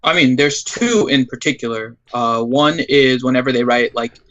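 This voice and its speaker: A man's voice: medium pitch, normal speed, a bit bright. A man on a live stream explaining his suggestions in a matter-of-fact way. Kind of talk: casual explanation. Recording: dull lo-fi mic.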